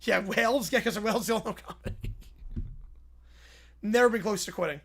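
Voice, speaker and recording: A man's voice: high voice, moderate pace, a bit bright. A man hosting a livestream, chatting casually and rambling as he reacts to videos, chuckling now and then. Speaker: livestream host.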